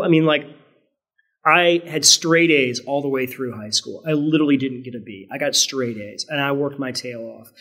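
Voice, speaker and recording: A man's voice: medium pitch, a bit bright. A middle-aged man from Virginia with a mostly standard American accent and a faint Southern trace, talking earnestly and reflectively as a podcast guest, often restarting and adding "right?". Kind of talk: conversational podcast interview.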